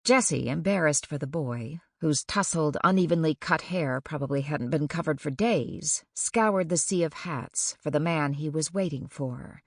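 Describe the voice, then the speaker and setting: A woman reads an audiobook in a measured, even way. Her voice sits low with a gravelly edge. The recording is close and dry. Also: no echo. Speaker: audiobook narrator. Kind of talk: scripted narration.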